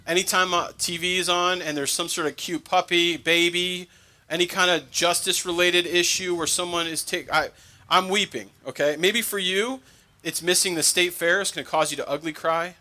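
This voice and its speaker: A young adult man with a bright, forceful, fairly high voice preaches a sermon. He talks in a conversational way and drops joking asides to the congregation between the passages he reads. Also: fairly even intonation, moderate pace. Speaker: pastor.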